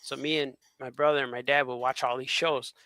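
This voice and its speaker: A man's voice: mid-range voice, level tone, a little fast, sharp tone, clear, resonant tone, no echo. A man chatting casually on a podcast, reminiscing and joking with a chuckling manner. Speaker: podcast co-host. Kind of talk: casual chat.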